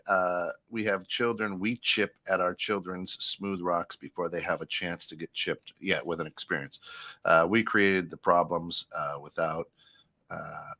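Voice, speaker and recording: A man's voice: sits low, bright, forceful tone. A man co-hosting an internet radio talk show in casual chat, rambling and thinking aloud as he goes.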